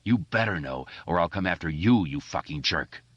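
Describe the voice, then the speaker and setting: Menacing teenage bully boy, roaring, low voice, by a man, dull lo-fi. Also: lively intonation, moderate pace, husky, no echo. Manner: roaring, threatening. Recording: dull lo-fi audiobook recording.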